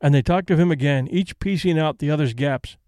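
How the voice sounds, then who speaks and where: A man's voice: fairly high pitch, a little fast, darkish tone, no room sound. Man narrating a storybook, dry close sound. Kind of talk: audiobook narration.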